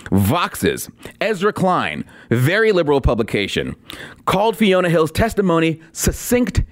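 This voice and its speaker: Man, podcast host, political commentary, sarcastic, lively pitch. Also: measured pace. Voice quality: sarcastic, repetitive emphasis.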